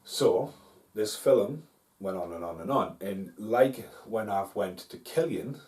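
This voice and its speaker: A man's voice: on the low side, expressive, unhurried, mellow. A man hosting a casual film review vlog at home, rambling and swearing freely. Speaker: host. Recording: roomy, distant from mic.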